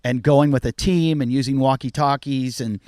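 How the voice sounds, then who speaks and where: Middle-aged man, podcast host, casual chat, candid and profane, mid pitch, dry close sound. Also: moderate pace, darkish tone, no echo. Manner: candid storyteller, swears freely.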